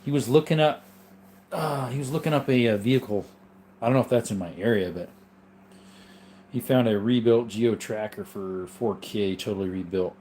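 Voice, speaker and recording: A sleepy man hosts a relaxed livestream, chatting with viewers in a loose, rambling way full of ums and asides. His voice sits in an ordinary middle pitch, with a faint hum of room ambience behind him. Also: normal speed. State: sleepy, yawning. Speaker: livestream host reading viewer chat. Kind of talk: casual live chat.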